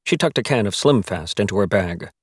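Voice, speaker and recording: A man reading a novel aloud as its narrator, telling the story in a measured, wry way. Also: on the low side, lively intonation, slightly rough, dry recording, clean studio sound. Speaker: audiobook narrator. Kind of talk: scripted narration.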